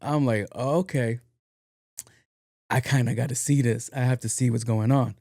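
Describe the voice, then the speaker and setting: A young man from New York hosting a podcast, telling a long story in a casual, animated, profane and self-mocking way. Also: medium pitch, fairly quick, no room sound, clean studio sound. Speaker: podcast host.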